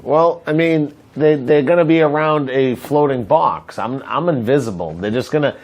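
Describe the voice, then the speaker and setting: A man's voice: on the high side, highs cut off. A man competing on a comedy game show, rambling and swearing through his answers with lots of restarts. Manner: rambling, profane, halting restarts. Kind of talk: casual comedic banter.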